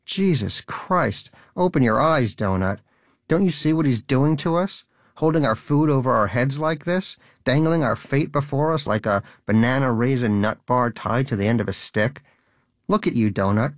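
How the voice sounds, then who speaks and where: A man's voice: mid-range voice, normal speed, no room sound, clean studio sound, pitched above the performer's own voice, close to an everyday voice. A man voicing Danish, a haughty, sarcastic male pet rodent with a scornful, theatrical manner.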